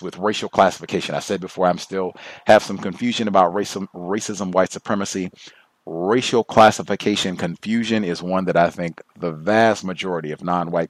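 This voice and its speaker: A man's voice: lowish voice, no room sound. A man hosting a podcast, telling a personal story in a casual monologue and acting out the other people in it. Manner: conversational, animated when quoting others. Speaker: podcast host.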